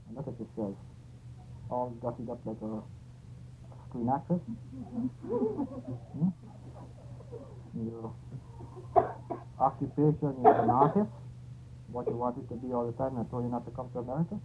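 A man quoting a calm, stern old male teacher in his own plain voice, inside a story. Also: medium pitch, moderate pace, long pauses, lightly acted. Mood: scolding. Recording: tinny phone-like audio with faint noise.

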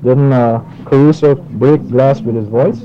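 A man giving an informal spiritual lecture and taking questions, talking in a halting way with many restarts and fillers. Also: medium pitch, lo-fi sound, over music. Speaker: spiritual teacher.

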